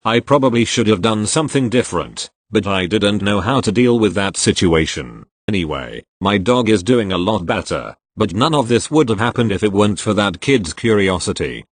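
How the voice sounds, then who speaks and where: A male narrator reading posts aloud in a matter-of-fact way and spelling out each abbreviation. His voice is fairly low but moves a lot in pitch. The recording is dry and close, with no room sound. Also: lively intonation, normal speed, few pauses, dry recording. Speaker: story reader. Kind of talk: scripted narration of online posts.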